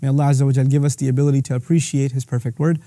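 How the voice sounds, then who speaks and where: A man's voice: mid-range voice, little pitch movement, very fast, dark tone, no echo, studio quality. A man teaching a religious lesson, quoting verses in Arabic and then explaining them patiently. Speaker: Islamic teacher.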